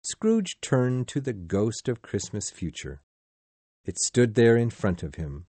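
Man, storybook narrator, lively pitch, dry close sound. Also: no room sound. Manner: slow, measured and expressive. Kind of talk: storybook reading.

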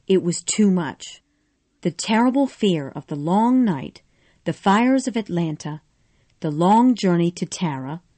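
A woman narrating a storybook in an expressive, measured way. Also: lowish voice, no echo.

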